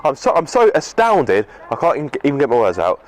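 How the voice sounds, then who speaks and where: A man, hosting a car vlog in casual, deadpan joking chat. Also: medium pitch, fairly quick. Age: 30s. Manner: playful, deadpan joking, stumbles over words. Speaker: vlog host. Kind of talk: casual chat while driving and on location. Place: small car on the road, then outdoors by the sea.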